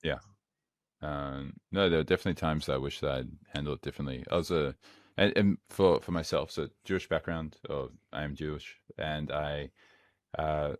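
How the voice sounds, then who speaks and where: A man's voice: extremely low pitch, moderate pace, dry recording, studio quality. A man in his thirties hosting a podcast, talking frankly and conversationally and swearing now and then. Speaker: podcast host. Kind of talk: podcast interview.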